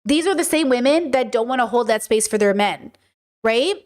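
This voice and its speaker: A woman's voice: a little high, lively intonation, normal speed, a little mellow. A woman hosting an opinionated commentary stream, talking bluntly and hammering her points home by repeating them. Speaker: streamer and host.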